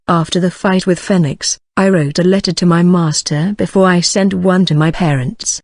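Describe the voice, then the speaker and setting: A text-to-speech voice reading a fantasy novel in first person, in an even, measured way. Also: mid-range voice, no room sound, studio quality. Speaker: audiobook narrator.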